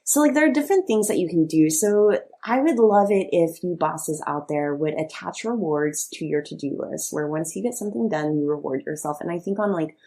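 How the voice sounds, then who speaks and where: A woman in her thirties co-hosts a podcast in relaxed, chatty conversation. Her voice sits low and a little husky. She talks loosely, with plenty of fillers and easy laughter. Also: brisk, few pauses. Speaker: podcast co-host. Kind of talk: casual chat.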